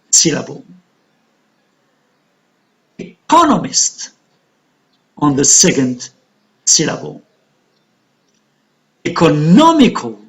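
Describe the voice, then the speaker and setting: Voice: medium pitch, creaky, low-quality recording. An English teacher with an Algerian accent, giving a recorded lesson and explaining step by step, asking questions and answering them.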